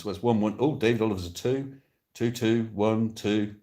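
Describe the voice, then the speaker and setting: A lower-pitched man from Devon talks into his phone during a live stream. He is chatty and playful, tossing jokey asides to viewers as he reads their comments. The recording has a casual, at-home feel from a sofa. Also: normal speed, warm tone. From Devon, England. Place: indoors on a sofa.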